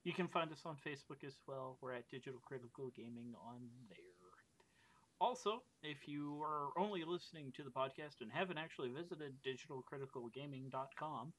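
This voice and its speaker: A man's voice: a little high, fairly quick, poor audio. A man hosting a casual gaming podcast, joking and laughing often with his co-hosts. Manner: animated, jokey, laughs often. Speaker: podcast host.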